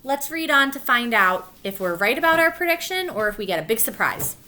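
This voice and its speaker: A woman teacher reading a picture book aloud to children, gently pausing to ask questions and spelling letters out slowly. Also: on the high side, sing-song, slight background noise.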